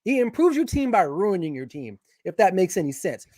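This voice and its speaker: A man guesting on a sports show, giving strong opinions in casual, animated chat, often restarting his sentences. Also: high-pitched, a little fast, no echo, clean studio sound.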